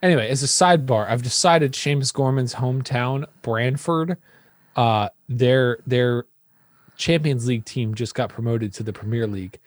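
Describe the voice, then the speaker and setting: A man's voice: mid-range voice, normal speed, no room sound. Playful rambling American man, dry sound. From United States. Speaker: podcast co-host. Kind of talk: casual chat.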